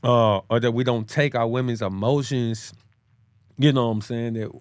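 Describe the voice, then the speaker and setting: A man co-hosting a casual chat, talking in slang, calling his listener bro, and jumping up in pitch to press his points. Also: normal speed, clean tone, no room sound. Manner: animated, swings his pitch high when making a point. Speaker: podcast co-host.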